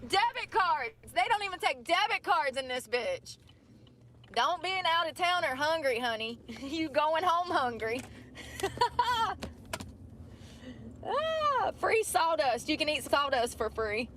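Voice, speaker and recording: A woman's voice: high-pitched, big pitch swings, takes it slowly, a bit bright. A woman, ranting in a chatty, profane, rambling way, filmed as she drives. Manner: profane, chatty, drawling asides. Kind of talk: rambling casual rant. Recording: clip with traffic and outdoor noise.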